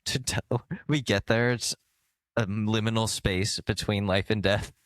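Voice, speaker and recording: A man's voice: on the low side, fairly even intonation, unhurried, fairly bright tone, no room sound. A man co-hosting a podcast in casual comedic chat, rambling and jokey, often launching into bits. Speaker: podcast co-host.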